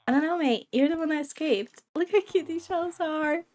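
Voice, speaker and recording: A woman's voice: high voice, moderate pace, few pauses, a little mellow. A young woman with a cold, chatting and giggling through casual let's-play commentary and talking to the game's creatures. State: voice affected by a cold. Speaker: gaming video creator.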